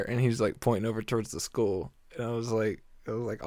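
A man spinning a casual story full of swearing, laughing often as he acts out each back-and-forth. His voice is dry and close, with no room sound, at an ordinary middle pitch. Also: a little slow, long pauses, dry recording. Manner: profane, laughing often while telling the story; animated retelling, acting out exchanges.

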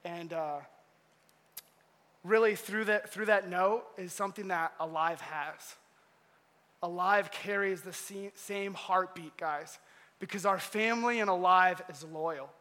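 A young man telling a story during a casual sermon, animated and full of laughs and filler words. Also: sits high, measured pace. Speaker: youth pastor. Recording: long hall reverb.

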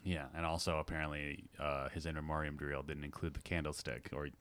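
A man hosting a podcast in casual chat, wry and teasing, quick to laugh. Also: extremely low pitch, flat delivery, a bit bright, clear, resonant tone. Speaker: podcast host.

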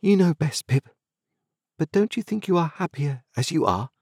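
A man voicing a gentle, quiet, kindly young woman in a storybook reading, speaking softly and mildly. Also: a little high, lively intonation, normal speed, slightly rough, dry recording, clean studio sound, voice pushed up. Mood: gentle, sorrowful. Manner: soft, mild, sorrowful. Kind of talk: audiobook character reading.

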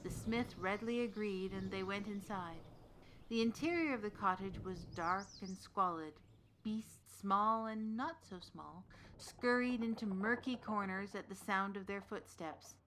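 An old witch telling a dark folktale, measured and deliberate, in a mid-pitched voice, as an actress voices her. Her storytelling is unhurried and knowing. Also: a little hiss or hum, lightly acted. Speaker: narrator. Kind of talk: scripted storytelling narration.

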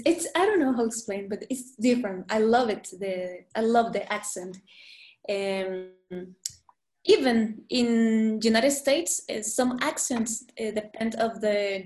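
A woman with a Spanish accent, a Spanish teacher speaking English as a second language as a podcast guest, halting and searching for words with many fillers. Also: on the high side, darkish tone. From Guatemala. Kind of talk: casual interview chat. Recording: echoey room.

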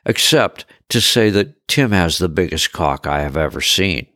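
A man's voice: sits low, animated, unhurried, pushed and bright, no room sound, clean studio sound, full character voice. A man voicing a flirtatious female android companion with chirpy, stiff robotic phrasing.

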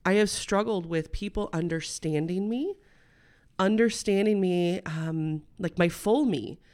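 Chatty woman host, smooth voice. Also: fairly low pitch, unhurried, a little mellow. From Midwestern United States. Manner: chatty and rambling, full of "um" and "like", laughing mid-sentence; candid and heartfelt, turning emotional. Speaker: podcast host. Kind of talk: personal storytelling podcast.

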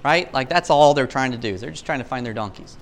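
A man's voice: medium pitch, brisk. A man preaching casually, retelling a scripture story in loose storytelling talk with slang and frequent restarts. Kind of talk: casual sermon.

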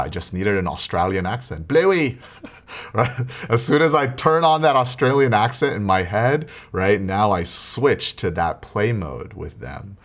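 A man with a very low, deep voice recaps his week in a personal faith vlog. He talks earnestly and a bit preachily, with casual asides and frequent "right?" checks. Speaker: faith vlogger.

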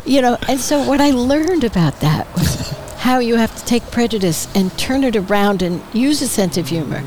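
An older woman, a retired politician, chatting as a guest in an interview on an outdoor patio, telling stories with animated quoted voices and frequent laughs. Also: on the high side, moderate pace, a little hiss or hum, rough recording. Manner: lively storyteller, acts out quoted voices, laughs often. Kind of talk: casual interview chat.

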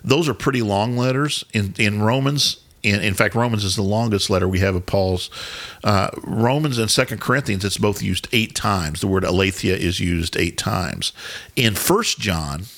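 A man with a low, gravelly voice walks through scripture with his podcast co-host. He explains patiently and conversationally, often breaking off and restarting his sentences, and stops now and then to put a question to his partner. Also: normal speed, a bit bright. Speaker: podcast co-host teaching Bible. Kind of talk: casual teaching chat.

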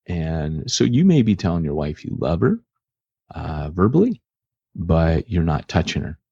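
Low husky guy rambling on a podcast, folksy, lots of ums, muffled lo-fi sound. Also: very animated, measured pace, warm tone, no echo. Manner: rambling, folksy, frequent filler words. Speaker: podcast co-host. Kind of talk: casual podcast chat. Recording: dull lo-fi podcast audio.

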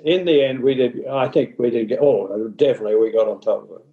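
An older man being interviewed, telling stories from his time running cricket, halting and full of restarts. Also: mid-range voice, husky, phone-quality sound. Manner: halting, with many restarts and fillers. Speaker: interviewee, former cricket administrator. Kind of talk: anecdotal storytelling in interview.

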